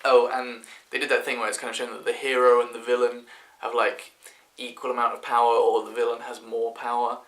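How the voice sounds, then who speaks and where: A man's voice: mid-range voice, little pitch movement, a little fast, few pauses, fairly bright tone. A man with a British accent giving a rambling, chatty movie review, full of fillers and restarts. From Britain. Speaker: film reviewer. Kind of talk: casual spoken movie review. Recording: echoey room.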